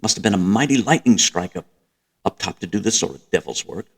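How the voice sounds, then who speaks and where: A man voicing a brisk, cheerful army officer. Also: sits low, lively intonation, slightly rough, full character voice. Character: brisk British male army officer, practical.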